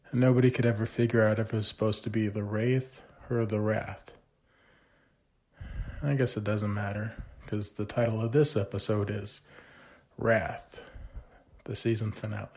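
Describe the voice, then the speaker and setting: A man in a recorded listener submission, reading in a wry, deadpan way. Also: lowish voice.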